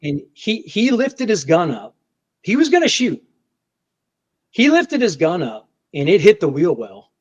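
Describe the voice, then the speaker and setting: A federal agent with a high-sitting voice talks a little slowly through the tale of a confrontation. The storytelling is animated and casual, with repeated words, frequent restarts, and reenacted shouts, captured on flat lo-fi podcast audio.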